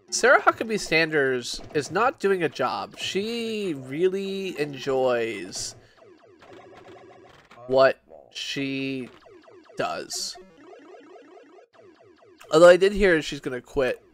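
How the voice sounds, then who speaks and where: A man's voice: medium pitch, expressive, slow, long pauses, a bit bright, faint music behind. A drunk man streaming games, rambling and swearing in casual chat, with lots of restarts and fillers. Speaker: game streamer.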